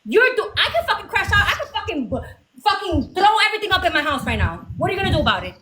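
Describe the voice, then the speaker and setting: Animated, high-pitched woman ranting. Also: very fast. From Northeastern United States. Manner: animated, profane and confrontational. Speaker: livestream host. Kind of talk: heated livestream rant. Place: her home. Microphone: phone on a livestream.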